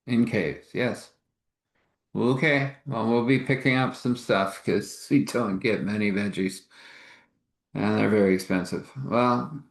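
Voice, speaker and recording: A man's voice: lowish voice, fairly bright tone, echoey room. A man telling a meandering improvised story, with laughs and restarts.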